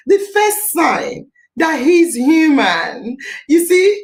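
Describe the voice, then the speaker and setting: A woman hosting a live talk show, emphatic and animated, repeating her phrases for effect. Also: sits high, drawn-out words. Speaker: podcast host.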